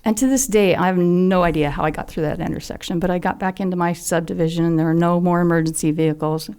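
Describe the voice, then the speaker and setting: Telling a heartfelt personal story on a podcast, this older woman, mother of a fallen SEAL, speaks earnestly and sometimes near a whisper. Her fairly low voice is fast, a little mellow and clean, with fairly even intonation.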